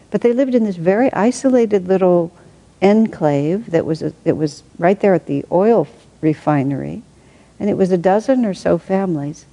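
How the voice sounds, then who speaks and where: A woman reading aloud from a spiritual book and adding her own reflective commentary, thinking aloud with soft laughs. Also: deep voice, gravelly, rough recording.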